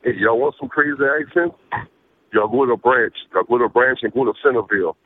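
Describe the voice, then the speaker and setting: A man's voice: medium pitch, a little fast, a little hiss or hum. A man with a south Louisiana accent calling in to a radio show, talking in a rambling, folksy way over a tinny phone line. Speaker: caller.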